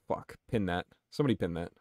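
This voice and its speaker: A man's voice: low voice, animated, normal speed, darkish tone, slight background noise. A man streaming a game, talking casually and swearing while he answers his chat. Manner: chatty and profane, answering chat. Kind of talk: casual gameplay commentary.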